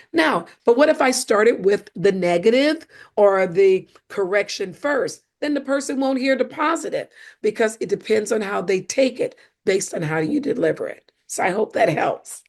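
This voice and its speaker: A woman, a speaker and coach appearing as a podcast guest, explains communication with animated emphasis and acts out examples. Her voice is medium in pitch.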